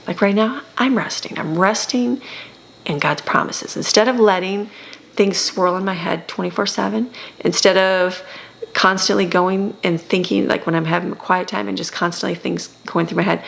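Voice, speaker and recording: A woman's voice: medium pitch, creaky, fairly bright tone. A middle-aged woman giving a casual Christian devotional talk, conversational and repetitive, often laughing. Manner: conversational, repeats phrases, frequent laughs. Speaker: Christian homeschool and faith teacher.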